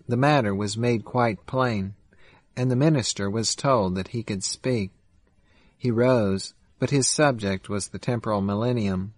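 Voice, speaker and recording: A man narrating a first-person memoir in a steady, measured reading voice. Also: lowish voice, no room sound. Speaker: audiobook narrator.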